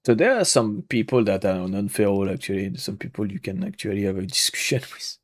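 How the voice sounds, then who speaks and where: A man's voice: on the low side, animated, quick pace, dry recording, clean studio sound. Joking man narrating a game playthrough. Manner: chatty, joking, reads dialogue aloud. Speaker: gaming YouTuber. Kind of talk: casual let's-play commentary.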